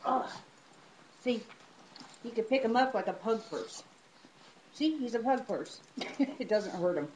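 A woman in a casual home video, chatting about her pets and calling them in a high voice. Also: expressive, a little slow, pauses often, background noise. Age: adult. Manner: chatty, pitches up high to call her dogs. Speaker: dog owner vlogger.

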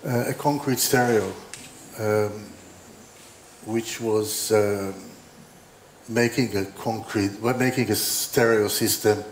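A man's voice: on the low side, steady tone, slow pace, a little hiss or hum. A man giving an informal opening talk as a designer, telling rambling anecdotes with restarts and dry humor. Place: exhibition hall. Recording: roomy hall with faint ambience.

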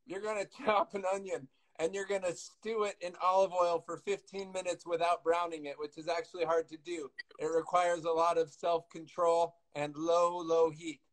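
A man's voice: a little high, little pitch movement, normal speed, few pauses, rough recording. A man cooking on a live video call, chatting casually and joking about himself. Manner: joking, self-mocking, loud when leaning in. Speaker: guest cook.

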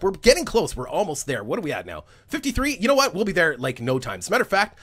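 Male gaming host, cheerful running commentary with a lively voice that swoops a lot. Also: mid-range voice. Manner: chatty and upbeat, laughs often, thinks aloud while playing. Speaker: let's play host. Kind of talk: casual gameplay commentary.

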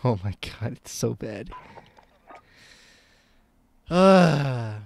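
A man's voice: medium pitch, lively intonation, very slow, gravelly, slight background noise. A young man from the United States chatting casually while live-streaming games, rambling and self-mocking. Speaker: game streamer.

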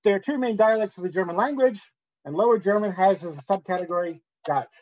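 A man giving an academic conference talk, measured and pausing often with "uh.". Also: sits high, a little mellow, muffled recording. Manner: measured, with frequent "uh" pauses. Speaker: academic lecturer.

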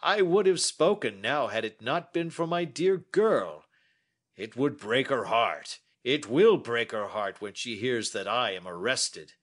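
A man voicing an aging, remorseful man who talks in a slow, heavy, pleading way. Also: mid-range voice, expressive, a bit bright, pitched above the performer's own voice.

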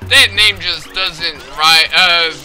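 A man's voice: a little high, takes it slowly, sharp tone. A man giving joking commentary over a video game, sarcastic and goofy, talking back to the characters on screen. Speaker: let's play commentator. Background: game music.

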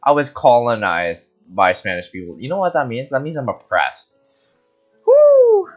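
A man's voice: medium pitch, big pitch swings, moderate pace, soft background music. A man from the Philippines giving jokey, erratic gaming commentary while tipsy on wine, breaking into sudden screams. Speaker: gaming host. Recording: dull lo-fi recording.

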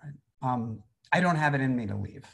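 A middle-aged man teaches as a rabbi, telling an old story in a loose, conversational way. His voice sits in a mid range, and he often restarts phrases and fills pauses with ums. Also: mid-range voice, lively intonation, vocal fry, a bit bright. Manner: conversational, many fillers and restarts. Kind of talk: informal Torah teaching.

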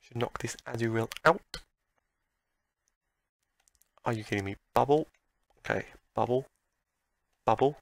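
A man giving gameplay commentary, excitable and talking back at the game as he plays. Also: medium pitch, a little slow, creaky, long pauses. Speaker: let's play commentator.

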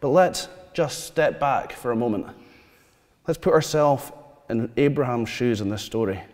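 A man, preaching a sermon. He tells stories and asks the congregation questions, dropping to quiet asides. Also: medium pitch, expressive, measured pace. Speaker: pastor. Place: church hall. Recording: long church reverb.

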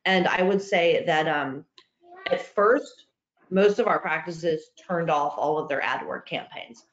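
A woman's voice: low voice, a little slow. A woman on a webinar panel giving earnest healthcare marketing advice, often restarting her sentences. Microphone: video call. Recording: dull roomy video call audio.

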